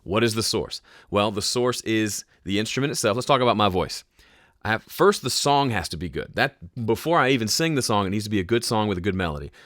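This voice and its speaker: A man hosting a casual live question-and-answer podcast, with a smooth, polished speaking voice and a relaxed, conversational way of explaining. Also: on the low side, a little fast, no room sound, studio quality. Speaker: host answering viewer questions. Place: home studio.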